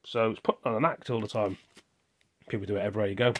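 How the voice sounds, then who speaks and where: A man's voice: lowish voice, fairly even intonation, quick pace. A man venting his frustrations in a rambling video monologue, often asking and answering his own questions. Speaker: vlogger.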